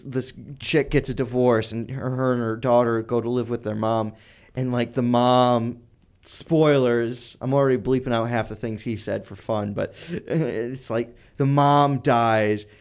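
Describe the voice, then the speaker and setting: Young male co-host, mid-pitched, jokey and rambling, quick to laugh in casual chat. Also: steady tone, darkish tone. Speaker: podcast co-host.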